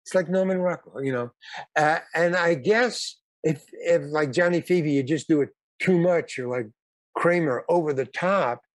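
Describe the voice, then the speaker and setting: A man's voice: fairly high pitch, moderate pace, dry recording. A man in his eighties, a guest actor and comedian, telling casual anecdotes in a rambling way, with repeated words, restarts and some blunt swearing.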